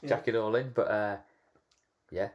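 A man's voice: fairly low pitch, steady tone, unhurried. A British man co-hosting a podcast in casual chat, bantering and joking often. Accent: British English. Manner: jokey, banters and laughs often. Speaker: podcast co-host.

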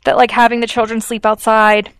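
A woman's voice: on the high side, little pitch movement, a little fast, smooth, no room sound. A woman co-hosting a podcast, telling a story in a chatty way with lots of fillers and acted-out quotes. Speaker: podcast co-host. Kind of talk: casual chat.

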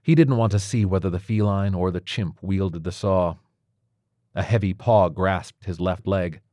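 A man narrating a storybook in a measured, even reading. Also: low-pitched, no room sound.

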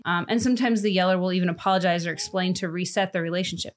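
A woman co-hosting a faith podcast, chatting in an agreeable way and talking through her own views. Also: on the low side. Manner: agreeable, chatty, quick to laugh along. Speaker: podcast co-host. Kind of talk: conversational discussion.

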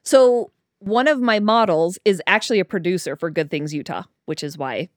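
A woman chatting casually and telling a story, acting out quoted dialogue in a higher voice. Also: expressive, normal speed, no room sound, clean studio sound.

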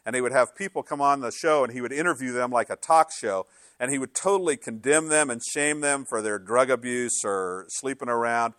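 Older pastor preaching with animated storytelling. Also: male voice, medium pitch, a little fast, no echo, studio quality. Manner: animated storytelling, acts out inner dialogue. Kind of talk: sermon.

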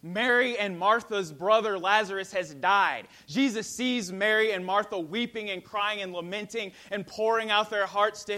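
A man preaching a sermon dramatically, swinging from ringing emphasis to a hushed near-whisper. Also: high voice.

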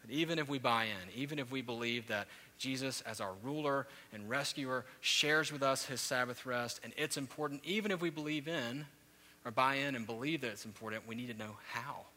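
Bright-voiced preacher in a reverberant hall. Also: male voice, mid-range voice, fairly quick. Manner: storytelling, rising to loud animated peaks. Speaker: pastor. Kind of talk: sermon.

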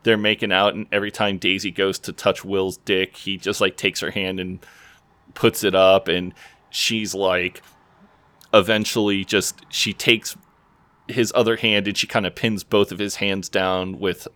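Guy with a lowish voice recapping a tv show on a podcast, acts out the lines, dry close sound. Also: little pitch movement, measured pace, bright, forceful tone, dry recording. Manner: retells scenes, briefly acting out the characters' lines. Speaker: podcast co-host recapping a TV episode. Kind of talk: casual chat.

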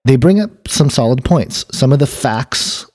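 A man's voice: mid-range voice, lively intonation, measured pace, darkish tone. A man co-hosting a casual faith discussion podcast, talking in a rambling way with many asides. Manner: rambling, many fillers and restarts, chuckles. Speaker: podcast co-host.

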